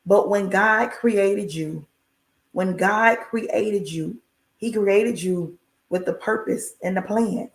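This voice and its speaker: A woman's voice: medium pitch, slow. Woman, faith talk on a livestream, emphatic, repetitive preacher cadence, folksy, echoey room. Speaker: inspirational speaker.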